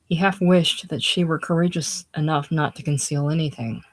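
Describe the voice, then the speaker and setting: A casual reader narrating a classic novel aloud in a plain, unhurried way, dropping lower and quieter on speech tags. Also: low-quality recording. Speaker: audiobook reader.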